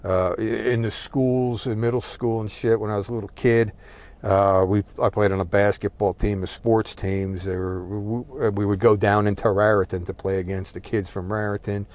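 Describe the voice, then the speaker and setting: A middle-aged New Jersey man with a fairly low, slightly mellow voice talks at normal speed in a flat delivery, telling a long, meandering story. He swears freely and leans on "uh" and a recurring "right?"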